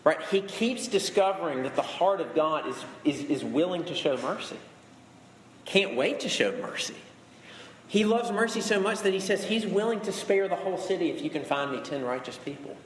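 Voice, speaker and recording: A man in his thirties preaches in a slightly high voice, talking to the congregation in a casual way and repeating words for emphasis. His voice rings with a long reverb through a large hall, over a faint background hum. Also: animated, normal speed. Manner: conversational, emphatic preaching with repetition. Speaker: pastor. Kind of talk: sermon. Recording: echoey hall with faint ambience.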